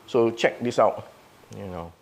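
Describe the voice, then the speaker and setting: A man's voice: fairly low pitch, unhurried. A man running a live audio product demo. He thinks aloud, restarting his sentences as he works.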